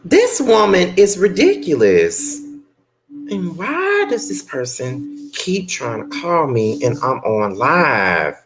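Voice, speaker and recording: A woman giving a blunt, sassy live recap, swearing freely and breaking into sharp outbursts. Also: huge pitch swings, slow, faint music behind. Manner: rants with sudden high-pitched outbursts. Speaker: live-stream show reviewer. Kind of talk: unscripted live recap commentary.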